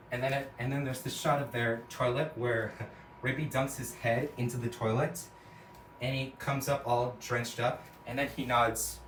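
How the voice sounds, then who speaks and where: A man's voice: mid-range voice, level tone, normal speed, a bit bright, slight background noise. A man casually retelling a cartoon episode scene by scene, rambling with lots of "and then" and "like". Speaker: storyteller. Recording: echoey room, from a distance.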